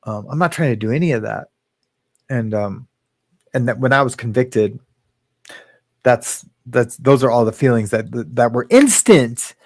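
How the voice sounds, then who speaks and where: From his home living room, a man hosts a casual livestream on a webcam or phone, chatting loosely, reading viewer comments aloud and laughing often. His mid-range voice is expressive and unhurried with long pauses and a darkish tone, and there is no echo.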